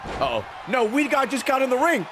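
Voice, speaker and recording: Male streamer, high voice, hyped, swearing play-by-play, background noise. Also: fairly quick, a crowd in the background. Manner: excitable, swearing play-by-play with bursts of laughter. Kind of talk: live-stream gameplay commentary.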